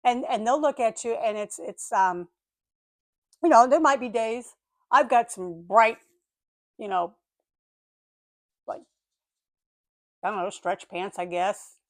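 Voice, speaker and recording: An older woman chatting casually on her vlog, telling a story in an animated way and acting out the voices of the people and animals in it. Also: fairly high pitch, takes it slowly, pauses often, no room sound. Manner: animated, acts out voices of dogs and neighbors. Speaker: vlogger.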